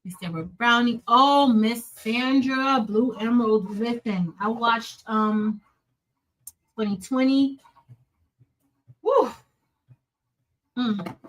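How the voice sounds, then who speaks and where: A woman hosts a casual live stream, greeting viewers one by one by name. She chats about her week in a relaxed, conversational way and tells little stories with animated energy. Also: on the high side, slow, long pauses, low-quality recording. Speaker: livestream host.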